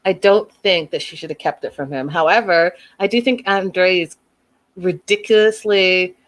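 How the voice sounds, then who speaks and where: Woman host, slightly low pitch, animated opinionated recap commentary. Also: moderate pace. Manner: animated, opinionated, acts out quotes. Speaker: show host reviewing reality TV.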